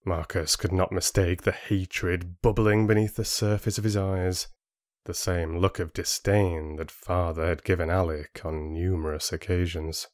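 A man reading an audiobook in a steady storytelling manner into a close studio mic. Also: sits low, unhurried, no echo. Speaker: audiobook narrator. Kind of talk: scripted audiobook narration.

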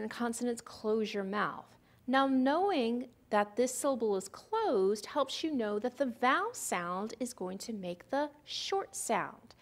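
Lively, patient woman teaching phonics. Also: sits high. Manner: patient, explains step by step with questions to the listener. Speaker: literacy presenter. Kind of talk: recorded teaching lecture.

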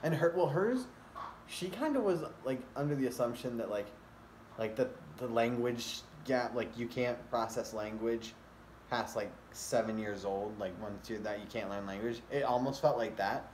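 A man's voice: mid-range voice, moderate pace, darkish tone, slight background noise. A man vlogging casually, rambling with many fillers and restarts. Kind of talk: casual rambling vlog talk. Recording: echoey room with faint ambience.

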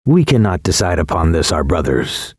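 A man reading as a cold male council elder who passes judgment with scorn. The voice sits low, rises and falls widely, and is recorded close and dry with no room around it. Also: sing-song, moderate pace, husky, no room sound, heavily acted. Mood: stern. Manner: cold, condemning.

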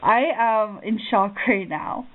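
A young woman opening a craft package on her vlog, gushing with excitement and gasping at each item. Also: medium pitch, takes it slowly. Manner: gushing, excitable, gasps often. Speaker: crafting vlogger. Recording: tinny phone-like audio.

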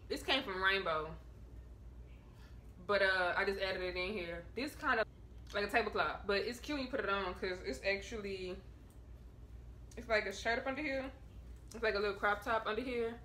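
A woman's voice: medium pitch, moderate pace, pauses often, sharp tone, slight background noise. A woman vlogging a casual try-on haul from her bedroom, chatting in a slangy, offhand way to her viewers.

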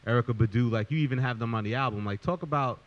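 A man's voice: medium pitch, very fast. A man hosting an interview, asking long, loose questions packed with "like" and "you know". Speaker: interview host. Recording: muffled lo-fi audio.

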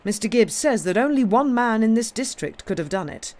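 A careful, formal country doctor speaks gravely and a touch nervously. A woman voices him as she reads a story aloud. The delivery is precise. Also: a little high, animated, fairly quick, a little mellow, voice pushed up, close to an everyday voice. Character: tall, nervous bearded village doctor, a man.

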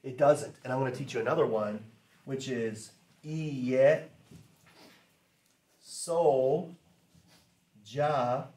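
A man teaching a class in a relaxed, chatty way, saying phrases slowly for students to repeat. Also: mid-range voice, echoey room. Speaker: language teacher.

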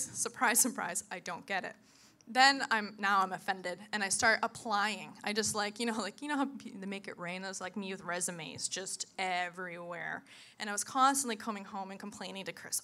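A woman in her thirties giving a sermon testimony to a church congregation, an animated storyteller who acts out voices and laughs often. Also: mid-range voice, normal speed. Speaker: church speaker.

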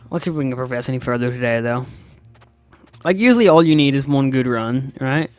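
A young man giving sarcastic, excitable let's-play commentary to his viewers. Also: mid-range voice, brisk, smooth, no room sound, soft background music. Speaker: gaming YouTuber.

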